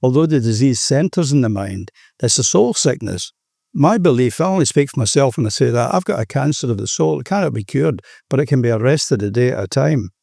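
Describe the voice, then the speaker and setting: Earnest older Australian man, mellow voice. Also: medium pitch, expressive, brisk, vocal fry, dry recording, studio quality. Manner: earnest, rambling, peppered with "you know". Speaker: recovering alcoholic sharing his story. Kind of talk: recovery meeting share.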